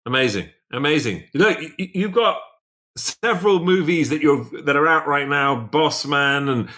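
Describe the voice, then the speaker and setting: Male host, casual interview, playful teasing, bright forward tone, slightly high. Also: animated, moderate pace. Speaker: show host.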